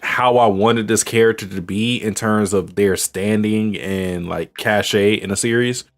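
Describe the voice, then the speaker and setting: A man co-hosting a podcast in casual chat, blunt and swearing casually. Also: fairly low pitch. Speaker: podcast co-host.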